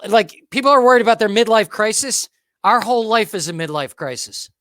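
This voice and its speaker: Brief: upbeat host, bright and dry, close sound. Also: male voice, sits high, animated, brisk, no echo. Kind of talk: casual chat.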